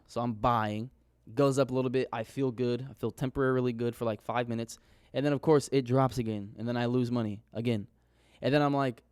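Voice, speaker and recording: Young male vlogger, candid rambling recap, smooth clear voice, dry close sound. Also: medium pitch, steady tone, brisk, a little mellow, dry recording. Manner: candid, rambling, swears casually. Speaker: forex trader vlogger. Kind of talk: casual screen-share recap.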